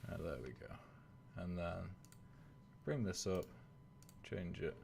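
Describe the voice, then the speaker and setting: A man's voice: low-pitched, lively intonation, takes it slowly, creaky, a little mellow, a little hiss or hum. A man hosting a game tournament stream, chatting casually with many fillers as he commentates.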